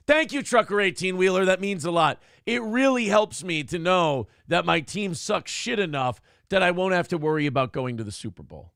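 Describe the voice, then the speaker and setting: A man's voice: high-pitched, animated, moderate pace, gravelly, few pauses, a bit bright, smooth, dry recording, studio quality. A man hosting a morning show, chatting casually in a rambling, self-deprecating way and reading chat comments aloud. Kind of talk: casual live-stream chat.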